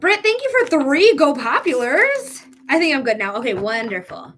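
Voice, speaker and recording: A woman's voice: high voice, sing-song, normal speed, a bit bright, a little hiss or hum. A woman hosting a live psychic reading stream, chatting casually with viewers and swearing now and then.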